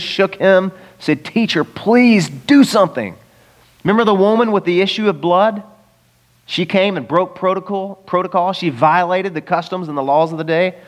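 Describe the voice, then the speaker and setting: A man preaching a sermon in a church, conversational and animated, with jokes and rhetorical questions. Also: sits high. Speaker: pastor.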